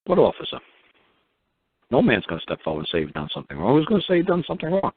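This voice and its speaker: A man's voice: mid-range voice, huge pitch swings, racing, pauses often, breathy edge, no echo. A man from New hosts a call-in show, blunt and profane, firing off repeated rhetorical questions. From New York. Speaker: radio show host. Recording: dry, tinny phone-line sound.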